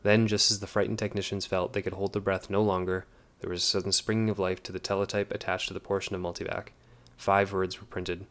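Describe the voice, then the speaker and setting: A male narrator reading an audiobook with measured, steady delivery. His voice sits very low and stays level with little rise or fall. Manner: measured, even.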